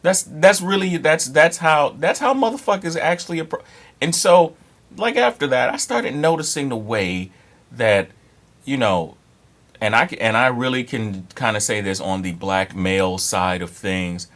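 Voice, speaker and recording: A man's voice: medium pitch, normal speed, fairly bright tone. A man in his thirties giving dating advice in a casual, rambling monologue, blunt and profane with many fillers and restarts. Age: 30s.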